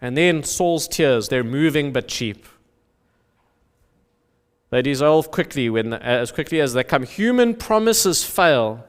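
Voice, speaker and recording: Slow, earnest preaching man in echoing church. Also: medium pitch, smooth. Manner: earnest preaching, slow with emphatic rises and drops. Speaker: pastor. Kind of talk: sermon. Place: church sanctuary. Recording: long reverb of a church hall.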